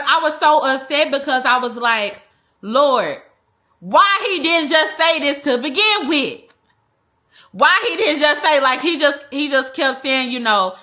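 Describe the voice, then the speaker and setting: A young woman telling a personal story in a casual, animated way, using slang and acting out the other people. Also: on the high side. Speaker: vlogger. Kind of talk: storytime vlog.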